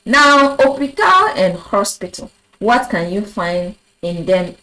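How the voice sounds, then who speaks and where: A woman teaching a French lesson at a board, explaining slowly and asking her viewers rhetorical questions. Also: mid-range voice, sing-song, sharp tone, rough recording. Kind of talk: video language lesson. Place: in front of a board.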